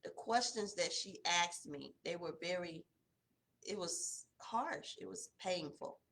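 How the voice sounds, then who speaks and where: Mulher sulista animada, voz brilhante. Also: female voice, slow, vocal fry. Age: 40s. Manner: conversational, animated, voice drops low and soft in emotional stretches. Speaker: host of a morning devotional. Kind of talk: personal testimony, casual.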